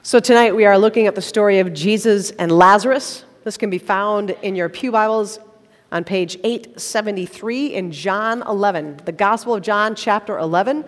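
A woman's voice: mid-range voice, normal speed. A woman preaching a sermon in a church, praying and reading scripture with conversational, playful asides. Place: church sanctuary. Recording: long reverb of a large church.

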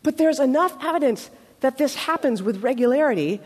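A woman preacher giving a sermon in a conversational way, with dramatic pauses. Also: high-pitched, animated, darkish tone, slightly rough, in a large hall.

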